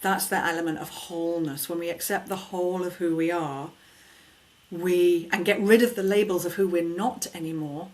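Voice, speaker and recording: Expressive woman, low-pitched. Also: normal speed. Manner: expressive, emphatic, acts out inner questions. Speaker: vocal coach and sound healer. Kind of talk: podcast conversation.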